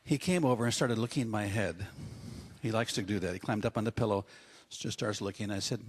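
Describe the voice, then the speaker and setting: Pastor, male, husky, sermon delivered as humorous storytelling. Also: on the low side, brisk. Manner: humorous storytelling with acted asides.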